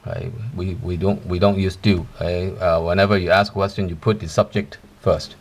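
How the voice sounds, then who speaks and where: Man, language teacher, explanatory, steady delivery, frequent fillers. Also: low voice, normal speed. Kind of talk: language lesson.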